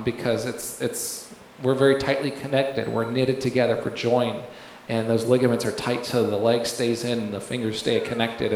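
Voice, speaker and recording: A man shares a personal story at a church service, wandering through fillers and false starts. His voice echoes heavily around a large room, with faint noise underneath. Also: mid-range voice. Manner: rambling, full of fillers and restarts, laughs while telling. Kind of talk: sermon testimony.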